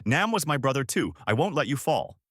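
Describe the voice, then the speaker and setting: A man voicing a loyal young man who yells encouragement to a grieving friend. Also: medium pitch, big pitch swings, brisk, no room sound, clean studio sound. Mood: urgent. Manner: yelling encouragement.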